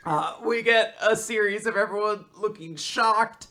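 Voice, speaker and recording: Woman podcast host, casual manga recap, bright voice, animated plot retelling. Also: mid-range voice, slow pace, long pauses, slight background noise.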